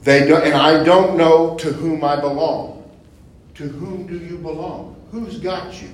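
A man preaching informally to a small group, conversational, repeating phrases and asking rhetorical questions, building to loud emphatic bursts. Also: on the high side, steady tone, a little slow. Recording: echoey room from far off, faint noise.

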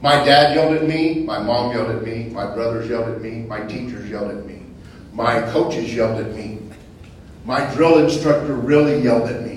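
A man preaching informally to a small group, conversational, repeating phrases and asking rhetorical questions, building to loud emphatic bursts. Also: mid-range voice, normal speed. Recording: echoey room from far off, faint noise.

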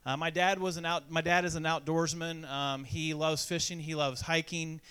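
High, smooth-voiced man preaching a sermon. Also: fairly even intonation, normal speed, a bit bright. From Indiana, USA. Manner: self-deprecating storytelling, acting out quoted voices. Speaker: pastor. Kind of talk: sermon with personal story.

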